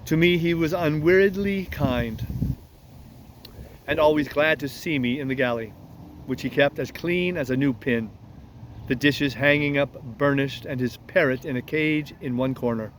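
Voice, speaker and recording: A man reading a classic novel aloud at an unhurried pace, now and then adding a casual aside. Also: fairly high pitch, a little hiss or hum. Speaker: audiobook reader.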